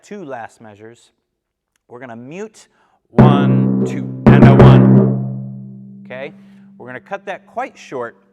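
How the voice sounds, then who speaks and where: A man's voice: mid-range voice, gravelly, long reverb tail, dull audio. A man teaching a timpani lesson, explaining patiently, counting beats aloud and checking in with "okay?" as he demonstrates. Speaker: percussion teacher.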